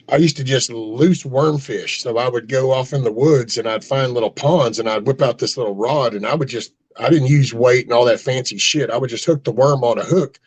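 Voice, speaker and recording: A man's voice: medium pitch, darkish tone, poor audio. A man hosting an online chat and telling a loose, folksy fishing story with plenty of cussing. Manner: loose, profane, folksy yarn-spinning. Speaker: host.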